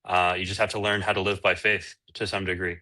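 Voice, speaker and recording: Answering interview questions as an entrepreneur guest, a man speaks fairly quickly in a low, flat delivery that sounds pushed and bright. He's candid and casual, rambling with fillers and frequent restarts.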